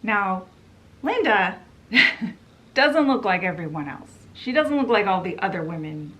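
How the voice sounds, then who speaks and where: A woman on her own vlog walks through a book plot at an unhurried pace. Her pitch sits right in the middle. Her storytelling is casual and chatty, with voices for the characters. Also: lively intonation, fairly bright tone. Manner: chatty retelling with quoted voices. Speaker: book vlogger.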